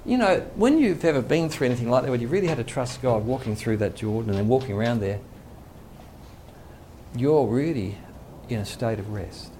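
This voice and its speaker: A man's voice: mid-range voice, lively intonation, a little fast, mellow. A male pastor giving a conversational sermon, acting out quoted voices, with faint background noise.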